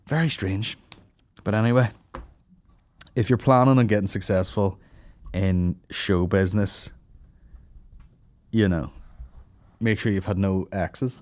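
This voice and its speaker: A man, hosting a comedy podcast in a profane rant, mocking people in loud put-on voices. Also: lowish voice, measured pace, pauses often. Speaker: podcast host.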